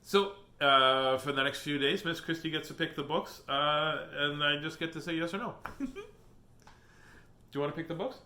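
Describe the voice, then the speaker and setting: A man's voice: a little high, normal speed, bright, forceful tone. A man hosting a live children's book reading stream, chatting in a silly, playful, joking way. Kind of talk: casual live-stream chat. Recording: echoey room.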